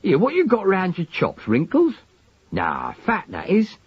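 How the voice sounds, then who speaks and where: Lugg, a man doing a gruff Cockney manservant. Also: sits high, wildly swooping pitch, measured pace, no room sound, pitched above the performer's own voice, full character voice. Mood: coaxing. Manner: grumbling, defensive, slangy. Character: truculent middle-aged Cockney manservant, grumbling. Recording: dull lo-fi recording.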